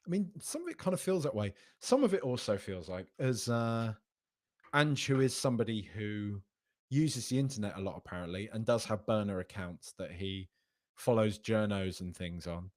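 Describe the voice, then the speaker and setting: A man's voice: fairly low pitch, lively intonation, normal speed. A man hosting a casual football podcast stream, arguing emphatically and repeating phrases as he makes his points. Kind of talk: casual live-stream commentary reading chat.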